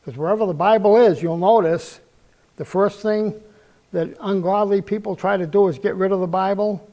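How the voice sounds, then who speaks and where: An older man preaching a testimony in a fairly high voice with a gravelly edge. He tells his story earnestly, repeats phrases for weight and acts out the lines he quotes. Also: fairly even intonation, moderate pace, warm tone, dull audio. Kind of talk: sermon testimony.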